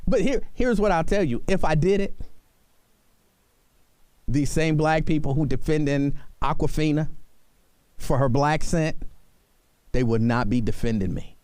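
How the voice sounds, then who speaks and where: A man hosting a radio talk show, bantering and arguing in a mock-serious, animated way. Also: a little high, unhurried, pauses often, smooth, no echo.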